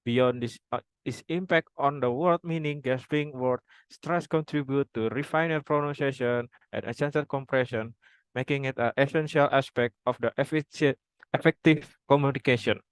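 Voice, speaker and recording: A young man reading a prepared phonology presentation aloud, formal wording with halting restarts. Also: medium pitch, smooth, no room sound, rough recording. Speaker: student presenter.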